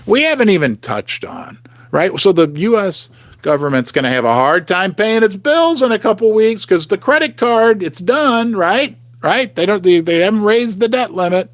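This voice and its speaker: A chatty man hosts a casual livestream, answering viewers' comments as they come in. His voice sits a little high for a man, and it is recorded close with a dry sound. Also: normal speed, dry recording. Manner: chatty, reads out live comments, animated outbursts. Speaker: livestream host.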